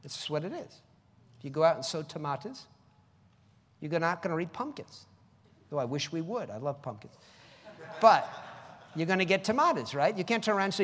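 A man preaching a sermon, reading scripture slowly and mimicking people in high voices. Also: big pitch swings, fairly bright tone, long reverb tail.

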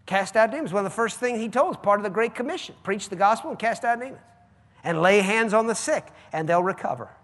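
A man preaching a sermon, swinging from hushed asides to loud, drawn-out proclamations. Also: high voice, animated, long reverb tail.

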